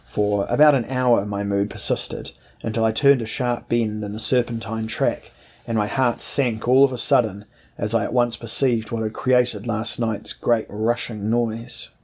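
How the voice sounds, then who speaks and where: Husky-voiced male audiobook narrator. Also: on the low side, fairly even intonation, darkish tone. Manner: measured, formal storytelling. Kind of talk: scripted first-person narration.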